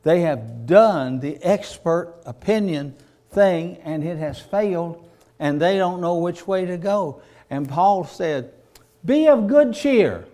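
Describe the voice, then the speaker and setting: A man's voice: on the high side, slow, dark tone. A man preaching a sermon, repeating phrases and building to emotional peaks.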